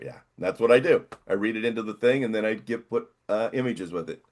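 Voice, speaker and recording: An older man co-hosting a casual chat, rambling and reading text aloud in halting bits. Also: on the low side, darkish tone. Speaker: podcast co-host.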